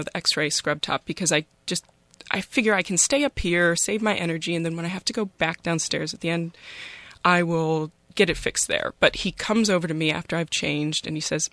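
A young woman telling a personal story in a wry, conversational, self-mocking way, pausing often on "um". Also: fairly low pitch, a bit bright, dry recording.

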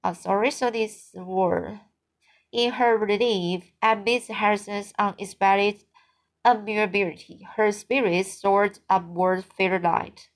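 A woman's voice: medium pitch, steady tone, slow pace. A woman narrating a classic novel as an amateur audiobook reader, stumbling and correcting herself.

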